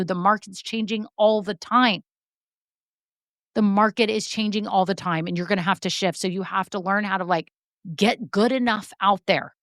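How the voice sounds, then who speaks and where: An energetic woman gives a solo motivational talk on her business podcast, pressing her points and saying them twice. Her voice sits at a middle pitch and sounds dry and close, with no room around it. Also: no echo. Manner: energetic, emphatic, repeats key points. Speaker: podcast host and business coach.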